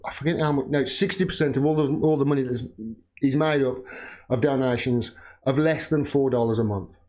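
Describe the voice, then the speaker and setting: A man's voice: medium pitch, fairly even intonation, fairly quick, dark tone. A British man in his forties hosting a political livestream, ranting angrily with frequent swearing and bursts of laughter. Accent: British English. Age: 40s. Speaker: political YouTube host.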